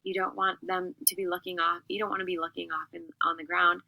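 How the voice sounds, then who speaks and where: A woman teacher giving a classroom lesson on public speaking, with a clear, expressive and emphatic delivery. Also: fairly low pitch, a little fast, low-quality recording.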